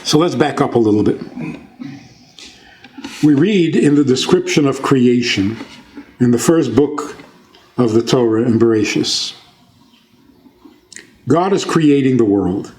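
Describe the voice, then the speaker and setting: A man's voice: mid-range voice, lively intonation, a little slow, long pauses, darkish tone. A man who is a rabbi, giving an informal talk on scripture, asking his audience questions and joking along the way. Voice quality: conversational, asks the audience questions and jokes.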